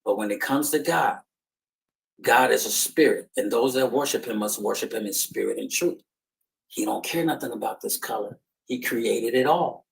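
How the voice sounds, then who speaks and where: A man's voice: medium pitch, normal speed, gravelly, low-quality recording. A man hosting a podcast, talking in an emphatic, slangy, preaching way. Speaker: podcast host. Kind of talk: casual chat.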